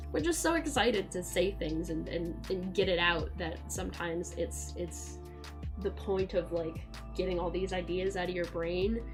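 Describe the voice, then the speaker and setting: A woman streaming from home, chatting casually, loud and excitable with casual swearing, sometimes cooing baby talk to her cat. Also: fairly low pitch, measured pace, music in the background. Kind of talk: casual live-stream chat. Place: at home in a chair by a window.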